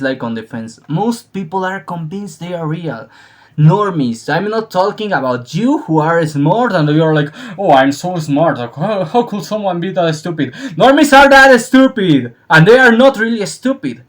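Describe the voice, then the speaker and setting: A man with a slightly raised pitch rambles through a casual opinion piece. He swears freely and laughs often. Now and then he bursts into shouted voices to act out scenes. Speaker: vlogger.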